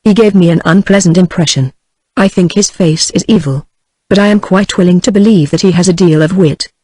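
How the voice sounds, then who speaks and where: A woman's voice: lowish voice, brisk, darkish tone, husky, dry recording. Tts lady reading a snooty gossipy society lady, dry and close. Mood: disapproving. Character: prim society lady, judgmental and suspicious.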